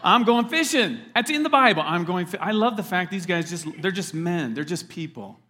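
Conversational preacher with a slightly high voice. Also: male voice, expressive, a little fast, bright, forceful tone. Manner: conversational, emphatic, asks the audience questions. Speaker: pastor. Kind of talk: sermon.

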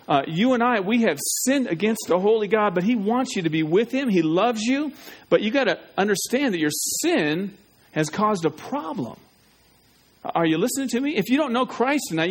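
Male pastor, slightly high voice, urgent and pleading evangelistic sermon. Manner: urgent, pleading, asks listeners questions.

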